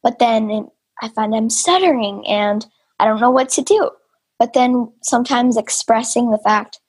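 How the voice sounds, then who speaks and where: A woman interviewing a father and son, asking gentle, encouraging questions in a casual chat. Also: a little high, moderate pace, breathy edge.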